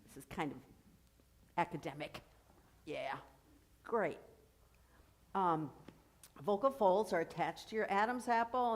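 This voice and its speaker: A woman coaching a choir through vocal technique, explaining and encouraging as she demonstrates. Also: mid-range voice. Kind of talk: rehearsal vocal instruction.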